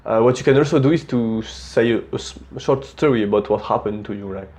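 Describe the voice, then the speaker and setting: A young man with a French accent talks through tips for public speaking in a relaxed, plain way. His voice sits fairly low and sounds dark and mellow. He often catches himself and restarts a word. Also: a little fast, few pauses. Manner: relaxed and plain-spoken, frequent small restarts. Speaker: presenter giving speaking tips. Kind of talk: casual instructional talk.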